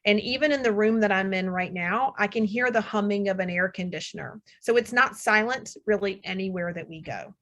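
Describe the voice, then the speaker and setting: A woman's voice: mid-range voice, fairly quick, hardly any pauses, fairly bright tone, highs cut off. A middle-aged woman audiologist giving a webinar presentation, explaining steadily and reassuringly with frequent ums. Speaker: audiologist lecturer. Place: room with air conditioner hum.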